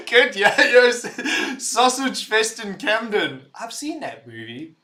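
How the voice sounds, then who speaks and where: A young man hosting a casual livestream, reading chat messages aloud, loud and rambling, laughing and swearing as he talks. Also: high voice, very animated, takes it slowly. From visitor to the UK.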